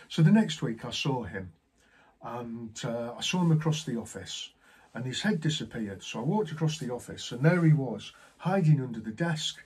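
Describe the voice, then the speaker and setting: A man's voice: mid-range voice, lively intonation, brisk, darkish tone, breathy edge. A man working as a sales trainer, telling a story to camera and acting out both sides of the dialogue.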